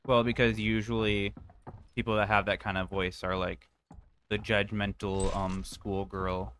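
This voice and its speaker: A man's voice: on the low side, little pitch movement, a little slow, fairly bright tone, slight background noise. A man streaming a game, chatting casually and teasing his co-host with dry remarks. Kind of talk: casual chat while gaming.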